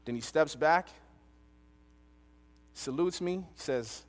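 Young male preacher, storytelling sermon, animated, slightly higher voice, big hall reverb. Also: a little slow. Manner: animated storyteller, quoting others in dialogue. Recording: long reverb of a large hall.

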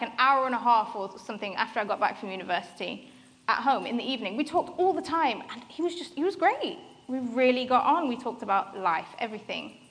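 A woman's voice: fairly high pitch, fairly bright tone. A woman in her thirties with a Northern English accent, candidly telling a personal story as a co-host, sometimes dropping to a whisper. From northern England. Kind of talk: personal testimony talk. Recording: reverberant hall, faint background noise.

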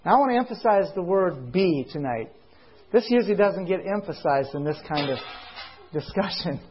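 A man preaching a sermon to a congregation in a meeting. He speaks in slow, emphatic phrases, draws out key words, and keeps asking his listeners rhetorical questions. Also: high voice, expressive, slight background noise. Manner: asks the audience rhetorical questions. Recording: dull lo-fi recording.

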